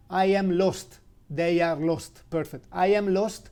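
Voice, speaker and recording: An Italian-accented man leads a casual language lesson in a fairly high but soft, mellow voice. He talks slowly, with plenty of fillers and restarts, and spells words out letter by letter. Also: steady tone. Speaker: Italian teacher.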